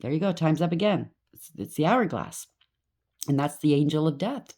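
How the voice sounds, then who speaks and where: A woman's voice: deep voice, expressive, normal speed, a little mellow. A woman giving a tarot reading to her viewers, talking straight to them and checking in with a repeated "okay?", now and then acting out what others might say. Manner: addresses viewer directly, frequent "okay?" check-ins; acts out quoted voices with sudden rises. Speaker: tarot reader.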